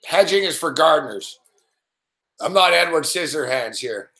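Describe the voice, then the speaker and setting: A man's voice: fairly high pitch, expressive, normal speed. A man hosting a live sports betting reaction stream, swearing and ranting at the games. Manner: profane, ranting, yells at the game. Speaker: host. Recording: echoey room.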